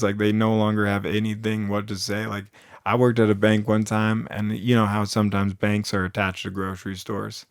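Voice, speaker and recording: A man's voice: on the low side, fairly even intonation, moderate pace, dry recording, studio quality. A young man improvising rambling comic stories, full of fillers and frequent chuckles. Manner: rambling, chuckles between lines, lots of fillers. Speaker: storyteller.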